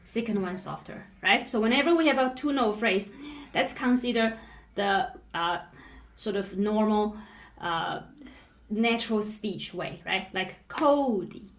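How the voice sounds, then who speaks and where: A woman's voice: mid-range voice, measured pace, reverberant. A woman piano teacher explaining patiently and checking in with "right?" after nearly every phrase. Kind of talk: live online piano lesson.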